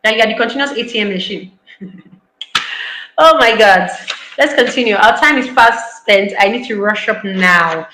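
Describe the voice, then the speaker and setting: A woman's voice: mid-range voice, moderate pace, pushed and bright, reverberant, low-quality recording. A woman giving an online parenting talk, emphatic, repeating key lines and acting out parents' voices. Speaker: parenting speaker.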